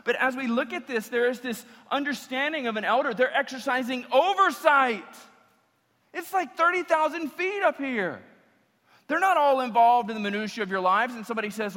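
A male pastor preaching a sermon in an animated, joking way, firing off rhetorical questions. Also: extremely high pitch, moderate pace. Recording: long reverb of a large hall.

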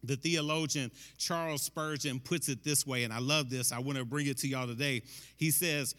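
A man's voice: mid-range voice, fairly even intonation, moderate pace, a bit bright, in a large hall. A man preaching a sermon in a conversational, emphatic way, often tossing in "man" as he drives a point home.

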